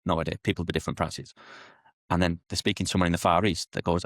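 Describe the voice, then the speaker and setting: A man, a podcast guest explaining sales in an animated way and acting out client conversations. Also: deep voice, fast, no echo, studio quality. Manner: animated, acts out sales dialogues in quotes. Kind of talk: podcast interview.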